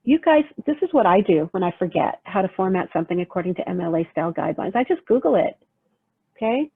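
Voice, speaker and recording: A woman's voice: on the low side, very animated, quick pace, gravelly, husky. A woman writing teacher explaining how to use sources in a recorded lecture, conversational and checking in often with "okay?". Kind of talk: recorded lecture over slides. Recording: phone-like narrow sound.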